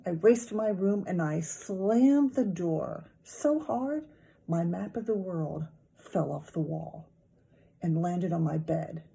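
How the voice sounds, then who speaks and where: A woman teacher reading a children's novel aloud with lively, expressive storytelling. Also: fairly low pitch, slow pace, creaky, slightly rough.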